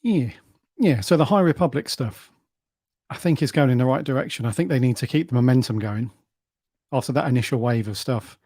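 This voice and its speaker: A man's voice: mid-range voice, a little fast, darkish tone, no room sound, studio quality. A man co-hosting a podcast, easygoing and hesitant, with many ums. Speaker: podcast co-host. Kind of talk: casual podcast chat.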